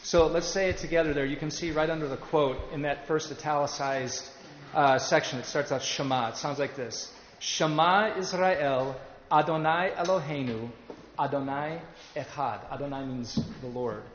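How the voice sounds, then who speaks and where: A man's voice: medium pitch, steady tone, highs cut off, slight background noise. Man teaching a church class in an echoey room. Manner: explanatory, leads group readings, pauses with fillers. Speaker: Sunday school teacher. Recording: echoey roomy recording from a distance.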